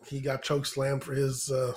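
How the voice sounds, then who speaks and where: A man co-hosting a casual podcast chat, halting and searching for words with many fillers. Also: medium pitch, completely flat delivery, a crowd in the background. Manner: halting, lots of fillers and restarts. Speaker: podcast co-host.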